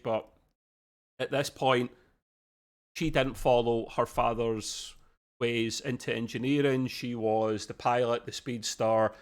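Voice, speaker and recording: A man, hosting a casual TV review chat, chatty and quick to laugh. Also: medium pitch. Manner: chatty, animated, laughs often, quick quoted voices. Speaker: podcast host reviewing a TV episode.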